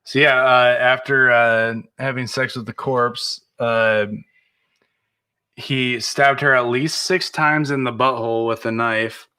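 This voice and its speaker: Bright young man, joking and profane. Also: mid-range voice, steady tone, slow pace, smooth. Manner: joking, profane, storytelling from notes. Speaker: podcast co-host. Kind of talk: casual crude chat.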